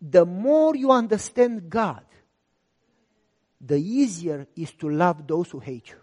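A man's voice: high voice, slow pace, long reverb tail. A man preaching a sermon as a pastor, telling a story and acting out the dialogue. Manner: animated, acts out both sides of dialogues.

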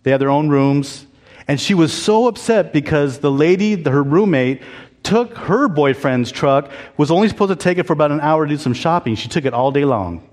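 In a church with a long reverb tail, a man with a slightly high, expressive, darkish voice preaches at normal speed. As pastor, he talks candidly and conversationally, calling on the congregation to answer back.

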